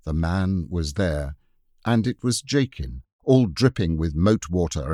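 Deep-voiced man reading a storybook. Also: darkish tone, no room sound, studio quality. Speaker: audiobook narrator. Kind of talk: scripted storybook narration.

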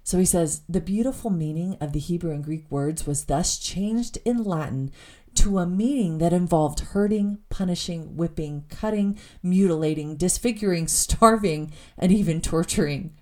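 A woman's voice: fairly low pitch, normal speed, darkish tone. A woman hosting a faith podcast, speaking in an earnest, confiding way and laughing at herself now and then. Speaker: podcast host. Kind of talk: reflective faith podcast monologue.

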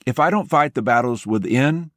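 A man's voice: mid-range voice, animated, moderate pace, a bit bright, dry recording, clean studio sound. A man hosting a short devotional podcast, speaking in an earnest, encouraging and personal way. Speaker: podcast host and devotional teacher.

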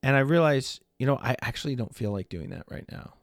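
A man in his forties talks through a faith-based podcast in a relaxed storytelling way. His voice sits at an ordinary middle pitch, close to the mic in a dry, dead room. He keeps checking in with "right?" as he goes. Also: brisk, creaky, dry recording. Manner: conversational storytelling, frequent "right?" asides. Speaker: podcast host.

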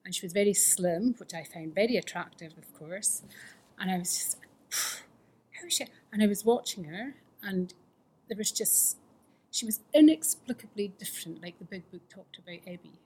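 A woman's voice: fairly low pitch, moderate pace, a little mellow, slightly rough. A woman telling her recovery story to a fellowship, candid and earnest, often sinking to a near-whisper. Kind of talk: personal recovery testimony.

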